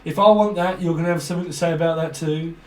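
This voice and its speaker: A man's voice: on the high side, steady tone, fast talker. Jokey man, roomy and distant. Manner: freewheeling, jokey, laughs often. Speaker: tarot reader. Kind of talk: rambling solo tarot reading. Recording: roomy echo from a distant mic.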